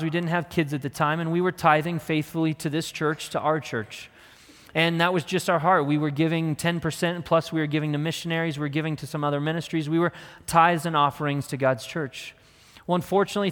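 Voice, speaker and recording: A man in his thirties preaching a sermon as a pastor, earnest, repeating his questions and slowing down on key words. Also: fairly high pitch, fairly even intonation, fairly bright tone. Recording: long hall reverb.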